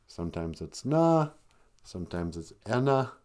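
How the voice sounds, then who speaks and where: His voice is on the low side, sing-song, a bit slow and mellow. Hosting a laid-back live stream from home, this podcast host teaches Ojibwe words amid joking, self-deprecating banter, with soft guitar music in the background.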